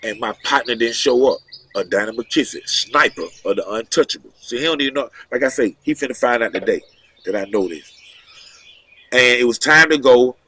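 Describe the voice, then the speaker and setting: A man telling a long personal story in a casual interview, animated and loose, with many asides and acted-out quotes. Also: mid-range voice, normal speed, breathy edge. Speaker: guest storyteller.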